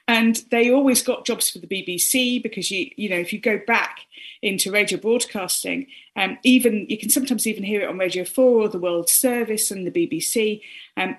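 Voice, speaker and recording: A woman from northern England talks as a guest on a talk show, her northern accent softened and mostly lost. She speaks at a middle pitch in a loose, chatty way, full of ums and restarts. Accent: softened northern English, mostly lost. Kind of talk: casual chat on a talk show.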